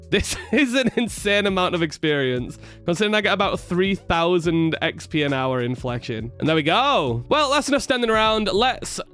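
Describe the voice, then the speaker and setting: High-voiced man chatting over gameplay. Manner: chatty, excitable, self-deprecating. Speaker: gaming video creator. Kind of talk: casual gameplay commentary.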